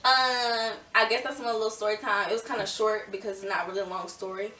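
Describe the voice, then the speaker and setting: A young woman telling a storytime vlog in a chatty, animated way, full of fillers. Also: medium pitch, brisk, slight background noise. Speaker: vlogger. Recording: echoey room, a little far from mic.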